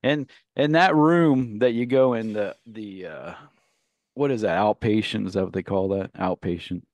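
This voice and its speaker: Male radio co-host, low and dry, loose rambling storyteller who laughs at himself. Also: normal speed, a little mellow, dry recording. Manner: rambling anecdotal storyteller, laughs at his own stories. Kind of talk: casual radio banter.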